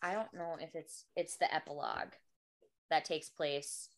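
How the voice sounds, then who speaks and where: A woman's voice: sits low, fairly even intonation, a little slow, a little hiss or hum. A woman co-hosting a casual book podcast, talking enthusiastically about a favorite story. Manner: enthusiastic, frequent "like" fillers. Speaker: podcast co-host.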